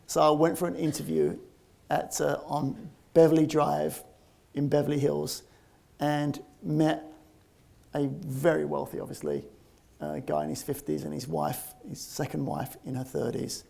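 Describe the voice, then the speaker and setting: A man in his fifties with a London accent, telling a personal story in a lively, animated way and often laughing as he talks. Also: a little high, a little slow, vocal fry. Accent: London English. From England (London).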